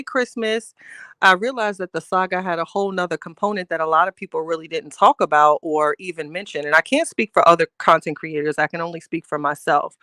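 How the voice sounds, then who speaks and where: A woman's voice: fairly low pitch, sharp tone, no room sound. A chatty middle-aged woman, hosting a casual live stream and greeting viewers with pet names. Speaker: livestream host greeting chat.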